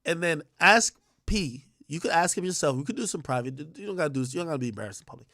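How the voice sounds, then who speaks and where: A man hosting a livestream, ranting in a profane, confrontational, rapid-fire way. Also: on the high side, lively intonation, bright, forceful tone, no room sound, studio quality. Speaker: livestream host. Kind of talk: heated livestream rant.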